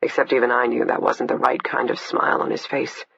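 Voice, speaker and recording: A man reading the part of a blunt, swearing woman killer, the narrator's imprisoned older sister, in a husky voice. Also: medium pitch, completely flat delivery, a little fast, bright, forceful tone, no echo, full character voice. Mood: confessing. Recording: dull lo-fi, dry.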